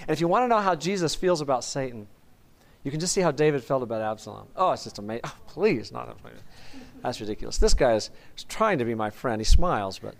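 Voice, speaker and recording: A man's voice: mid-range voice, sing-song, fast, gravelly. A man teaching a Bible study in a chatty, enthusiastic sermon style, often asking his listeners questions.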